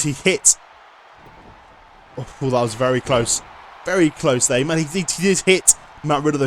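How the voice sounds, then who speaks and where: A man giving lively play-by-play commentary over a wrestling video game, often bursting into loud excited shouts. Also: medium pitch, a little hiss or hum.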